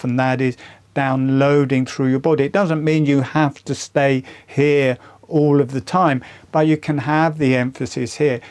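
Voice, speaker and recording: An older man teaching a breathwork practice in a calm, deliberate, earnest way. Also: mid-range voice. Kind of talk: slow guided instruction.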